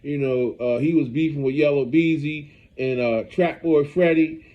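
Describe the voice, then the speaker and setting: A man runs a casual street news show in a fairly high voice, circling back with "you know what I mean" as he goes. The audio is dull and lo-fi. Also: steady tone, moderate pace. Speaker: street news channel host.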